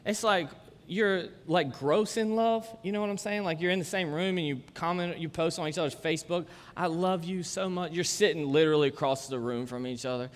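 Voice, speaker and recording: Joking pastor in a reverberant hall. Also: male voice, on the high side, a little fast. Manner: casual, joking, chatty asides. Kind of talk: conversational sermon. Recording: long church-hall reverb.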